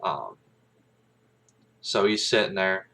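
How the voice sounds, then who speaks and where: A man's voice: low-pitched, big pitch swings, slow pace, gravelly, sharp tone. A man who is an aspiring actor, casually retelling a movie scene in a rambling way. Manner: rambling, with many fillers and restarts.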